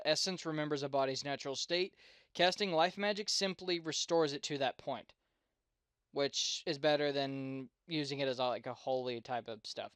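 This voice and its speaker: A man hosting a gameplay video, talking casually and rambling as he plays, with many fillers and restarts. His voice is smooth and clear and sits somewhat high for a man. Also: fairly bright tone, no room sound. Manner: rambling, full of fillers and self-corrections. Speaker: let's play host.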